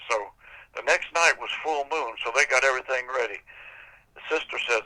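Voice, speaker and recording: A man's voice: mid-range voice, fairly quick, bright, forceful tone, poor audio. An older man telling a folk tale on a podcast in a folksy, casual way. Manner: folksy, casual, drawling storytelling. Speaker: storyteller.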